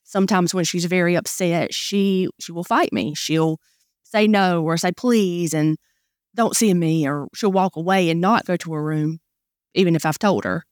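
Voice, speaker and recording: A woman, a mother seeking coaching, speaking hesitantly with halting restarts. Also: fairly low pitch, no echo, studio quality. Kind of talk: conversation.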